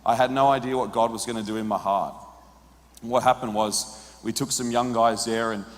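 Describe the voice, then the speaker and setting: An Australian man telling a lively story in a sermon, acting out what people said to him. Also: mid-range voice, brisk. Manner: animated storyteller, acts out quoted dialogue. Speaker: preacher. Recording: long hall reverb.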